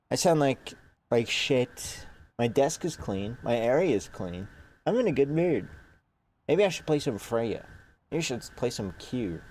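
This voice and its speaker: Slow, mellow-voiced man with a stuffy nose. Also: mid-range voice. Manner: sarcastic, rambling, profane. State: congested nose. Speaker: streamer. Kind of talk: casual gaming commentary.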